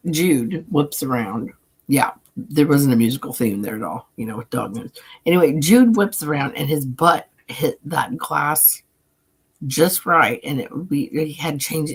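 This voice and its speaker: A woman hosting a casual livestream chat, laughing often and acting out friends' lines in high squeaky voices. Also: lively intonation, unhurried, husky, low-quality recording. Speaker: livestream host.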